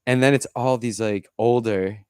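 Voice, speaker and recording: His mid-range voice is steady, darkish, clear and resonant, at a moderate pace, captured in a clean studio with no echo. This podcast co-host keeps things casual, rambling through anecdotes with many fillers and restarts and imitating others in quoted asides.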